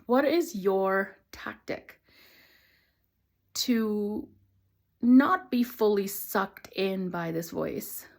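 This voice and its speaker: A woman who works as a transformational teacher, gently and earnestly talking through her thoughts in a reflective monologue. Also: medium pitch, very slow, vocal fry, long pauses. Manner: earnest and gentle, speaks affirmations softly.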